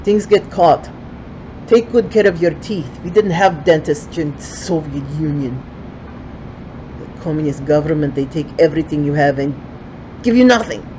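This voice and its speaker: A woman's voice: deep voice, lively intonation, moderate pace, warm tone, lo-fi sound, slight background noise. An older woman with a Ukrainian accent telling a folksy story in broken English, with chatty asides.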